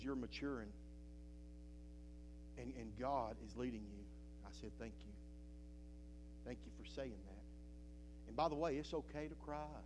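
Man, middle-aged, high-pitched preacher, hushed then impassioned, faint background hum. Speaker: pastor. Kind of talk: sermon. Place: church sanctuary.

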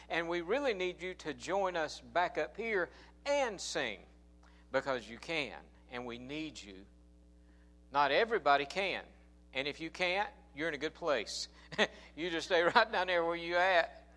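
A man's voice: fairly high pitch, sharp tone. A man preaching a sermon, telling folksy stories with stammered restarts. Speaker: pastor and song leader.

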